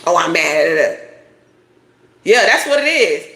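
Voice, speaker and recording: A woman's voice: on the low side, very animated, a little slow, fairly bright tone, reverberant. Blunt, profane woman reading tarot. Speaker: tarot reader. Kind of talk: casual tarot reading monologue.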